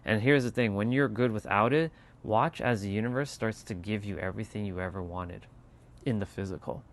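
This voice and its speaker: A man's voice: fairly low pitch, fairly quick. A man hosting a casual motivational livestream, talking emphatically with lots of repetition and casual swearing. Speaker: channel host.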